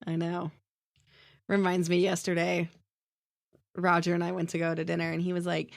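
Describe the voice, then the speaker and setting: A woman's voice: fairly low pitch, monotone, normal speed, vocal fry, pauses often. A woman co-hosting a podcast, telling a story in a heated, profane rant. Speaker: podcast co-host. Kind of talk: casual chat.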